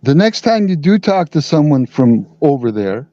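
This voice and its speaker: A man calling in to a talk show, explaining earnestly with halting restarts. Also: fairly high pitch, big pitch swings, dark tone, no echo, dull audio. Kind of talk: casual call-in talk.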